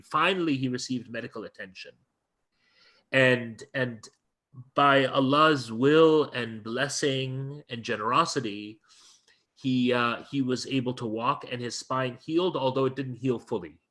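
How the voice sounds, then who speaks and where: Male guest lecturer, average pitch; earnest, emphatic storytelling with frequent restarts. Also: a little slow, fairly bright tone. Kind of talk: storytelling in an interview.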